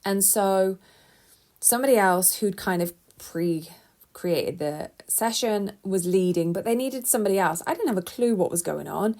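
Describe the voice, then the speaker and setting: A middle-aged woman hosting a solo podcast, talking in a chatty, animated way with quick restarts. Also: medium pitch. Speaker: podcast host and coach. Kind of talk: casual solo podcast talk.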